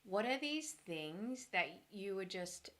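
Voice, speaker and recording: A woman talking as a brand coach, earnest and encouraging, thinking aloud with a slightly hoarse voice. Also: medium pitch, big pitch swings, slow pace, a bit bright. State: a little hoarse. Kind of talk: solo talk on branding.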